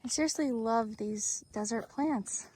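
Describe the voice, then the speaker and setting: A woman's voice: on the high side, measured pace, a little mellow, husky. A woman vlogging on a desert mountain trail, chatty and exclaiming often at the views while she walks with a handheld camera. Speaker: thru-hiker vlogger. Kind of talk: casual trail vlog narration.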